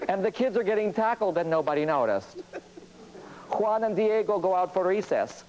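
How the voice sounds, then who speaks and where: A man lecturing as a priest, with a lively pitch that rises and falls widely. He tells anecdotes in a storyteller's way and acts out the people in them. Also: moderate pace, rough recording. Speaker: priest and speaker on cross-cultural communication.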